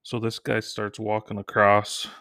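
A man's voice: completely flat delivery, a little slow, dry recording, clean studio sound. A middle-aged man from Canada telling crude comic stories in a casual way, with his children and everyday mishaps as material. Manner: crude, joking, acts out quoted lines in a high shouting voice. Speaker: stand-up comedian. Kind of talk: casual comedic storytelling.

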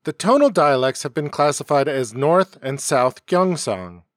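A man hosting a homemade educational podcast, reading a scripted narration at a measured pace. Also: a little high, lively intonation, no echo, clean studio sound. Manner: measured, explanatory delivery. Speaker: podcast host. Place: home setup, dry sound.

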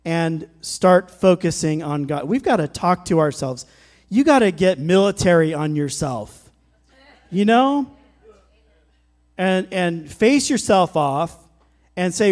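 Fervent male preacher, slightly high voice. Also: animated, slow, long pauses. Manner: fervent preaching, swelling louder on scripture and exhortations. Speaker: pastor. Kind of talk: sermon.

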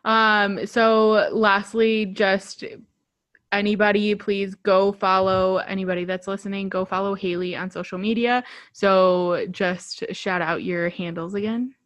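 A woman's voice: medium pitch, level tone, a little slow, fairly bright tone, no room sound. Twenties woman, podcast host, casual and effusive, lots of fillers, dry close sound. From Chicago, USA. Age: 20s. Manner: gushing, heavy fillers like um and you know.

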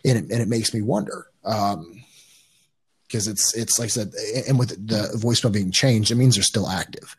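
Low husky guy rambling thru a story on a podcast, swears a lot. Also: moderate pace. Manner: rambling, with frequent restarts and swearing. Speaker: podcast guest. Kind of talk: casual storytelling.

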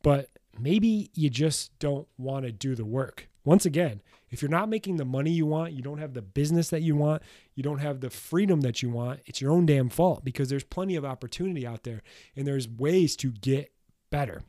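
Man hosting a solo podcast. Mellow voice, blunt and emphatic, swears casually. Dry, close recording. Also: medium pitch, lively intonation, moderate pace, no echo. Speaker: podcast host.

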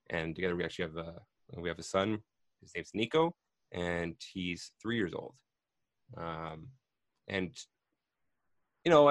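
A man's voice: low-pitched, dry recording. A man in his thirties hosting a casual podcast, talking with lots of fillers and restarts, a little nervous. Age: 30s. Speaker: podcast host.

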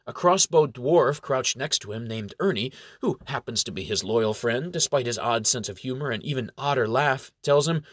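A man's voice: medium pitch, expressive, normal speed, hardly any pauses, dry recording, studio quality. Man telling a fantasy tale. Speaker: narrator. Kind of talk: storytelling narration.

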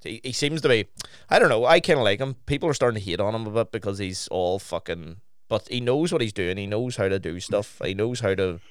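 A man chatting on a podcast, blunt and sweary as he tells his stories. His voice sits fairly low and comes across smooth. The recording is close and dry, with no room sound. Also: fairly quick, no room sound. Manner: blunt, sweary, animated storytelling. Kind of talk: casual chat.

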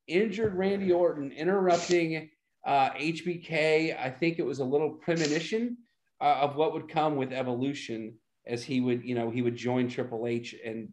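A podcast co-host recaps an old wrestling event in a laid-back, enthusiastic chat. His voice sits on the high side, a little mellow, with a faint hiss or hum in the audio.

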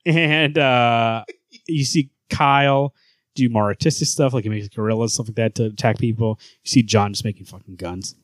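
A man's voice: medium pitch, steady tone, moderate pace, dry recording, studio quality. A man co-hosting a comics podcast, talking casually in a joking, rambling, profane way. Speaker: podcast co-host. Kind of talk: casual chat.

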